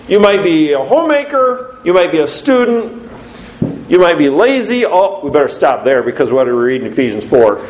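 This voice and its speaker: Lively preacher in an echoey church. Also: male voice, fairly high pitch, a little hiss or hum. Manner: quizzes the congregation with questions. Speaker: pastor. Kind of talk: sermon. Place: church sanctuary. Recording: roomy church echo.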